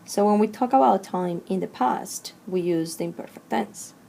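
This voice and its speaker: A woman teaching a recorded Spanish grammar lesson, slowly and clearly drilling verb conjugations one form at a time. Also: medium pitch, warm tone, a little hiss or hum.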